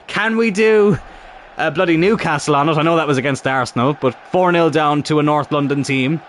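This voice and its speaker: A man's voice: a little high, moderate pace, fairly bright tone. Male gaming commentator, exasperated and profane, faint noise in the background. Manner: frustrated, swearing, talks to the players on screen. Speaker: gaming YouTuber playing a football career mode. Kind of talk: live gameplay commentary.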